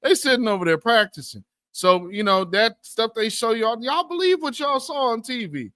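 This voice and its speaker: A man's voice: very high-pitched, animated, moderate pace, sharp tone, no room sound. A man hosting a political commentary stream, mocking and profane, mimicking the people he criticizes. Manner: mocking, profane, mimics opponents in put-on voices. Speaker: host.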